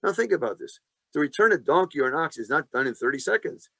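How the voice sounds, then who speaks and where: A man with a fairly high voice teaching a Torah class. He talks with emphasis, poses questions and answers them himself, and mixes in jokes. The sound is dry and close. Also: animated, quick pace, vocal fry, pushed and bright, dry recording. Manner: emphatic, asks and answers his own questions, joking asides. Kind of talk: lively Torah lesson.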